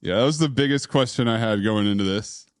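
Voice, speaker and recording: A man's voice: on the low side, brisk, smooth, dry recording, clean studio sound. A man co-hosting a podcast in casual chat, wry and teasing. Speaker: podcast co-host.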